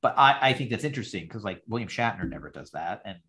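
Brief: podcast host, man, lowish voice, measured recap over a video call. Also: very animated, pushed and bright. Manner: reads script lines aloud, measured. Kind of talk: casual chat recapping an episode.

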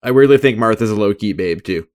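A man co-hosting a casual podcast, animated and laughing as he riffs on favourite moments. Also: fairly low pitch, fast talker, clean tone. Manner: animated, laughs while quoting lines. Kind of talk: casual chat.

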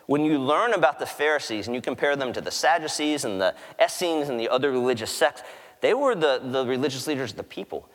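A man delivers a sermon with a middle-pitched voice, telling the story with animated, chatty asides. His voice rings out with a long reverb, as if he were speaking in a large church sanctuary. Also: quick pace. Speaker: pastor.

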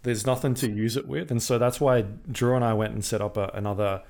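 A man co-hosting a gaming podcast, explaining things in a relaxed, rambling way with many fillers. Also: medium pitch, a little fast, creaky. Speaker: podcast co-host. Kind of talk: casual chat.

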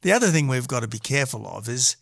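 A man's voice: medium pitch, lively intonation, gravelly, no echo, clean studio sound. Hesitant, argumentative Australian man. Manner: measured and argumentative, frequent hesitations. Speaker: politician guest. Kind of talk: political interview.

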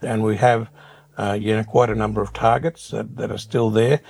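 An older Australian man answering interview questions in a measured way, often repeating words as he thinks. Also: on the low side, level tone, creaky, a little mellow, breathy edge. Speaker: interview guest.

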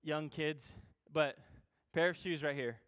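A man preaching a sermon as a youth pastor. He is animated and informal, swinging between loud emphasis and quiet, self-deprecating asides. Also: a little high, unhurried.

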